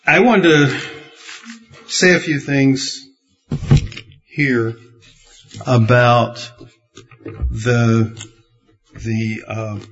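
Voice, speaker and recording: Male pastor, unhurried folksy sermon delivery with chuckles, lo-fi sound. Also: mid-range voice, creaky, a bit bright. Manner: rambling, good-humored storytelling with chuckles. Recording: dull, muffled lo-fi sound.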